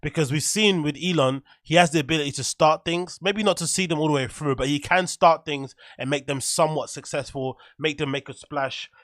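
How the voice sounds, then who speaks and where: Hyped-up guy doing a livestream at his computer, bright punchy voice, dry close sound. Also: fairly high pitch, brisk, few pauses, dry recording. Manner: excitable, slangy, talks to the chat. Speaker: livestream show host. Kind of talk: casual livestream commentary.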